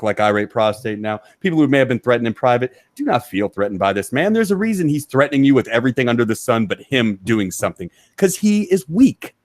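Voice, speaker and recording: A man hosting a stream from a back room of his house, ranting loudly and mockingly with heavy profanity. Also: medium pitch, dry recording. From Texas. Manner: loud, mocking, rapid rant. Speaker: stream host.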